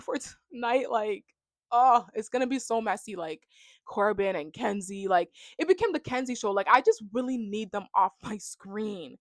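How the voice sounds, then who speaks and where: A young woman ranting casually about a reality show, full of "like" and animated reactions. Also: on the high side, moderate pace, dry recording. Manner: chatty, heavy on "like", animated reactions. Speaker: reality TV recap vlogger. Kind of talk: casual rant to camera.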